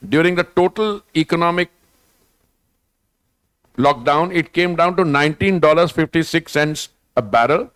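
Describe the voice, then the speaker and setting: A man's voice: on the high side, fairly bright tone, smooth, dry recording. An older man with an Indian English accent, speaking as a government minister in a festival panel conversation, talking in a discursive, digressive way and dropping Hindi phrases into his talk.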